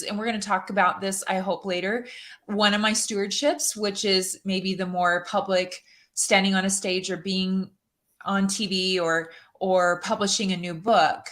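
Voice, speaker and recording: A woman's voice: medium pitch, a bit bright. A woman chatting openly as a podcast guest, laughing easily and often restarting her sentences. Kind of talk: casual podcast chat.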